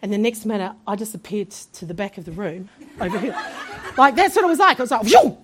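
A woman preacher telling a testimony from the pulpit, animated and laughing often as she acts out the voices in her story. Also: medium pitch, fast talker, slight background noise.

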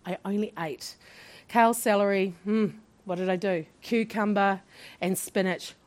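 A middle-aged woman tells her personal faith testimony as an interview guest, at an ordinary pitch for a woman. She performs every part of her story herself, swinging between loud, bright bursts and quiet asides. She laughs often as she goes. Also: measured pace. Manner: animated, acts out each voice in her story with big swings in pitch and loudness; laughs often while telling.

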